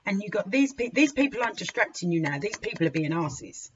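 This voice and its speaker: A woman giving a weekly tarot reading, frank and indignant, swearing freely and breaking into sudden loud outbursts. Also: mid-range voice, very animated, a little fast. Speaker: tarot reader. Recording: dull lo-fi recording with faint hiss.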